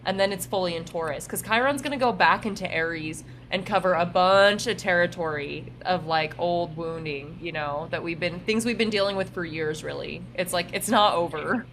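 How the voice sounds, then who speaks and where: A woman's voice: on the low side, moderate pace, hardly any pauses, a bit bright, a little hiss or hum. A young woman co-hosting a casual spiritual podcast, talking loosely with frequent laughter and fillers. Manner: laughs often, many fillers. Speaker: podcast co-host.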